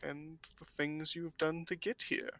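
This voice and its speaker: A woman's voice: deep voice, little pitch movement, a bit bright, voice pushed up. A woman voicing a sly old female fortune teller who teases and cackles. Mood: ominous whisper. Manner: cackling, teasing, drawn-out purring.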